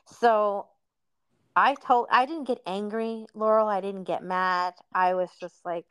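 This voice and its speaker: A woman's voice: mid-range voice, steady tone, measured pace, fairly bright tone, clear, resonant tone, dry recording. A woman hosting a podcast, telling a personal story in a casual, candid chat. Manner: candid storytelling, calls guest "girl". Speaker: podcast host.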